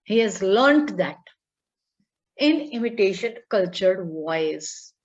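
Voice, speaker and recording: A woman's voice: medium pitch, lively intonation, slow pace. A woman, teaching a class online, repeating her points and checking in with students. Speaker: English teacher. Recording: dull lo-fi audio.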